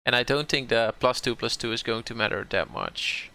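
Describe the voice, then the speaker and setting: Creaky, bright-voiced Dutch man. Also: medium pitch, big pitch swings, moderate pace. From southern Netherlands. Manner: musing, self-correcting, repeats words. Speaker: game streamer. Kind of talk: thinking aloud while playing a card game.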